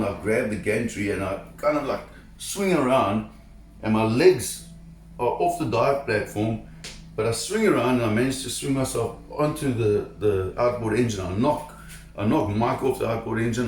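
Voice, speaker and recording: A man telling a personal diving story to camera in an animated, emphatic way, repeating words when excited. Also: mid-range voice, moderate pace, reverberant, slight background noise. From South Africa. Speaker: shark diver telling a story.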